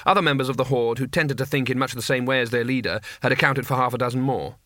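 A man narrating an audiobook with expressive storytelling. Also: mid-range voice, fast, dry recording, studio quality. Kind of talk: scripted narration.

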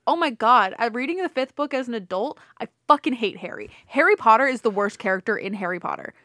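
A woman's voice: a little high, lively intonation, quick pace, bright, forceful tone, no echo, studio quality. A woman co-hosting a casual podcast, reacting bluntly and emphatically, with some swearing. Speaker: podcast co-host.

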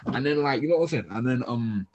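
A man's voice: medium pitch, fast talker, dull audio, a loud crowd. A young man from Birmingham, co-hosting a casual football chat podcast in a laid-back, jokey, slangy way. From Birmingham, England. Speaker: podcast co-host.

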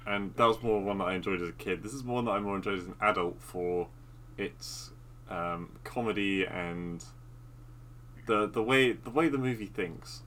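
A man's voice: on the low side, moderate pace, pushed and bright, slight background noise. A man from Britain chatting casually about films with friends, rambling and hesitant, with many restarts. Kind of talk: casual movie review chat.

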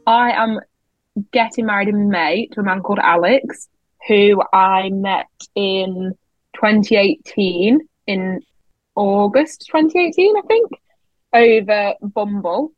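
A woman's voice: medium pitch, slow pace, no echo. A woman in her twenties who speaks in a reflective, articulate way and has a dry sense of humour. The recording is dry and close, with a slightly dull, muffled tone. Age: 20s. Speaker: podcast co-host. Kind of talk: casual chat.

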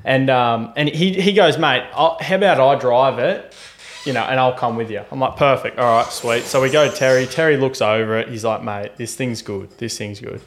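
A man's voice: mid-range voice, fairly quick, hardly any pauses, a little hiss or hum. A young Australian man co-hosting a podcast, telling a story in casual chat and acting out what people said. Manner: animated storyteller acting out quotes. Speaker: podcast co-host.

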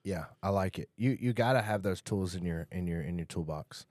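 A man's voice: deep voice, fairly quick, no echo. A man talking casually on a podcast, telling stories about sales training and acting out quotes. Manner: relaxed storytelling, acts out quotes, swears casually. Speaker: podcast guest, sales coach. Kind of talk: casual chat.

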